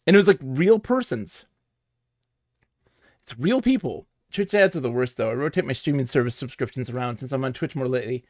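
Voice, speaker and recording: A man's voice: mid-range voice, lively intonation, brisk, a little mellow, no room sound, studio quality. A man streaming a video game at home, chatting casually in a giggly, rambling way and telling stories with animation. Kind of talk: casual live-stream chat.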